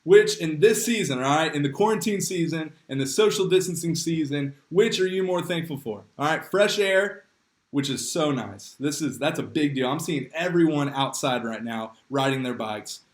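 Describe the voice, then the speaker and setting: A man's voice: on the high side, animated, moderate pace. A young man, leading a livestreamed youth group game, upbeat and joking as he reads names from the chat. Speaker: youth pastor. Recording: echoey room.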